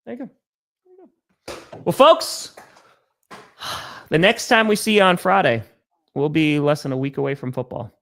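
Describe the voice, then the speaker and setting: A man's voice: on the high side, lively intonation, moderate pace, gravelly, fairly bright tone. A man hosting a casual sports podcast, upbeat, chatting with his co-host and signing off the show. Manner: upbeat, wraps up with sign-off patter.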